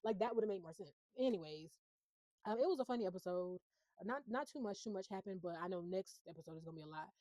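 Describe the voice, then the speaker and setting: A woman's voice: medium pitch, lively intonation, fast talker, warm tone, dry recording, low-quality recording. A young woman recapping a reality show in casual chat, blunt and profane with lots of fillers.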